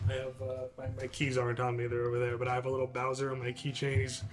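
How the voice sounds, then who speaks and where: A man's voice: mid-range voice, monotone, fast. Rambling, enthusiastic male podcast co-host. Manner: rambling and enthusiastic, with lots of fillers. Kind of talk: casual chat.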